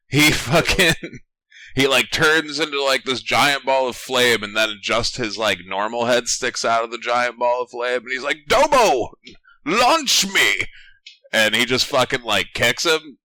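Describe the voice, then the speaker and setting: A man co-hosting a podcast, retelling scenes in an animated way with plenty of swearing. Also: mid-range voice, dry recording. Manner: animated storytelling, swearing, laughing. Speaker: podcast co-host. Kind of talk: casual chat.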